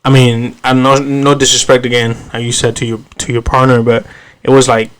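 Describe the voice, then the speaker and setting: Relaxed male podcast host with a middle-range voice, loose and slangy. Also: medium pitch, a little fast, clean tone. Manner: loose, slangy, swears freely, laughs easily. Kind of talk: casual chat.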